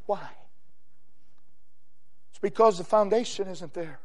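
A man preaching a sermon, emphatic, swinging between loud exclamations and quiet low phrases. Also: moderate pace, pauses often.

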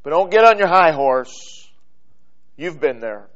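A man delivers a sermon in a fairly high voice. He speaks slowly and deliberately, pausing for effect and letting his phrases drop off at the end. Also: sing-song, a bit bright, highs cut off. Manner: slow, deliberate preaching with dramatic pauses and falling phrase ends. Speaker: preacher.

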